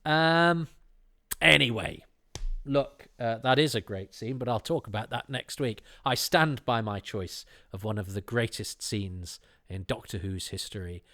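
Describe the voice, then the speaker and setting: A man's voice: mid-range voice, a little slow, bright, forceful tone. A man hosting a podcast, talking in a rambling, self-deprecating way with many restarts. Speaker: podcast host. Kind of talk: casual chat.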